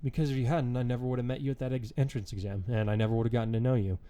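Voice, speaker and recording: A man voicing a cheerful, affectionate teenage girl with a soft, giggly manner in a fan story reading. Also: mid-range voice, fairly even intonation, rapid-fire, lightly acted. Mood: tender.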